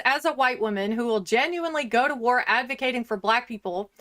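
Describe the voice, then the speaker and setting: Bright, emphatic woman host. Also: on the high side. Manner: critical, emphatic. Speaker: commentary show host. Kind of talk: reaction commentary.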